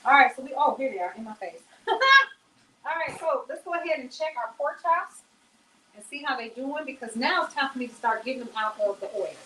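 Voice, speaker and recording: A woman's voice: high-pitched, lively intonation, a little fast, a bit bright, a little hiss or hum, low-quality recording. A woman hosting a casual home cooking demonstration, talking to viewers in a chatty, folksy way. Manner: chatty and folksy, addresses viewers as y'all and honey. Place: home kitchen.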